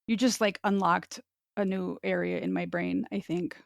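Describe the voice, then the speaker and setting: A woman's voice: fairly low pitch, sing-song, normal speed, creaky, dry recording. Woman podcast host from North Dakota, chatty, laughs easily, dry close mic. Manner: chatty, self-deprecating, laughs often. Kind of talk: casual podcast chat.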